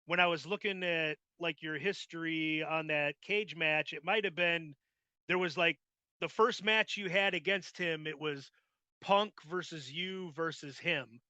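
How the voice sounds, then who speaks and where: Male host, casual chat, rambling, crisp dry sound, very bright tone. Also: a little high, unhurried, dry recording, dull audio. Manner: rambling, full of "like" and restarts. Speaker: podcast host.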